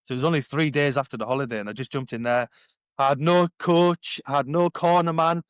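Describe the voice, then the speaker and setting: A man in his thirties, a former paratrooper, telling his story in a casual podcast interview, animated and acting out quoted dialogue. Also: fairly high pitch, brisk, clean tone, no echo, dull audio. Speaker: podcast guest, former paratrooper and bare knuckle fighter. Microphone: headphones on, sitting at a podcast mic.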